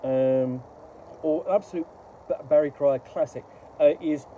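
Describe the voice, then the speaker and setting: A middle-aged man giving casual, rambling, halting commentary while unboxing a book. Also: on the high side, narrow, tinny audio, slight background noise.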